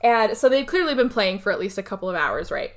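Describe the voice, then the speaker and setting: A woman co-hosting a podcast, recapping a film plot in casual chat and acting out the characters' lines in quick bursts. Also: mid-range voice. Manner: animated storytelling, acts out characters in quick bursts. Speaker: podcast co-host.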